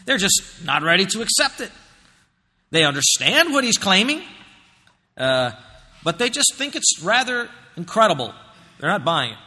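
A man's voice: on the high side, pushed and bright. A male pastor preaching a Bible-teaching sermon in a church, conversational and emphatic, often using rhetorical questions. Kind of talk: expository sermon. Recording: long hall reverb.

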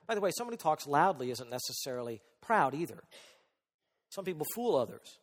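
Male pastor, sermon delivery, high-ish voice, animated soft-to-loud swings, reverberant sanctuary. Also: fairly quick. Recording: long hall reverb.

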